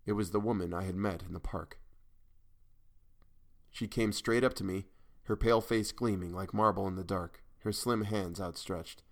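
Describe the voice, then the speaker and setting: Low-voiced male storyteller. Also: fairly even intonation, moderate pace. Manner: dramatic first-person storytelling. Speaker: audiobook narrator. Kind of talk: scripted narration of a weird tale.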